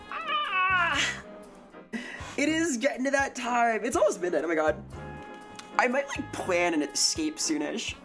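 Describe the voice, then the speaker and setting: Faint music plays behind a young woman's live stream as she chats easily with her audience, getting excited and cursing while thanking them. She speaks at a medium pitch.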